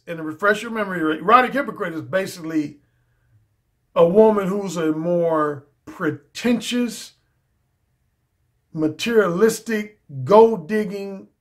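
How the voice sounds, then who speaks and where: A man's voice: fairly high pitch, fairly bright tone. A man speaking as a dating coach in a casual video monologue, emphatic and slangy, often repeating his key phrases.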